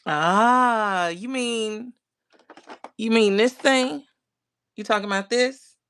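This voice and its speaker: Unhurried woman chatting on a craft livestream. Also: on the high side, a bit bright, clear, resonant tone. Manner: chatty, greets viewers by name, reads comments aloud; talks to herself while working on crafts. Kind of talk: casual livestream chat.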